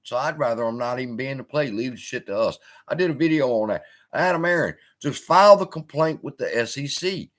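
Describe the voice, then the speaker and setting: A man's voice: medium pitch, brisk, hardly any pauses. A man hosting a live stream, chatting casually and swearing often as he answers viewers. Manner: profane, animated, heckling chat. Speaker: host.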